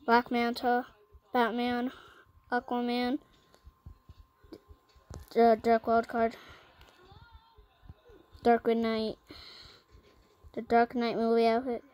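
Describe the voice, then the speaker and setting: Slow, high-voiced female gaming vlogger. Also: monotone, darkish tone, smooth, poor audio. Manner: listing items one by one, with many ums and pauses. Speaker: gaming channel host. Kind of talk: casual gaming vlog.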